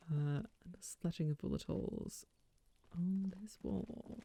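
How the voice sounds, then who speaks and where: Slow, gravelly-voiced streamer. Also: female voice, lowish voice, mellow, a little hiss or hum. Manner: slow, musing, swears casually. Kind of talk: casual gameplay commentary and reading aloud.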